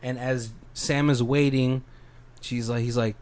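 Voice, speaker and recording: A man's voice: medium pitch, fairly even intonation, measured pace, a little mellow, smooth. A man co-hosting a podcast, casually recapping a horror film and acting out the characters' lines. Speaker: podcast co-host.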